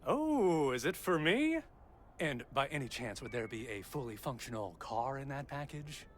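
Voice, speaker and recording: An actor playing an impatient, sarcastic TV reporter who blusters and complains about being stranded. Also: male voice, mid-range voice, normal speed, a bit bright, slight background noise, natural voice. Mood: irritable. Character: abrasive big-city male TV reporter, impatient.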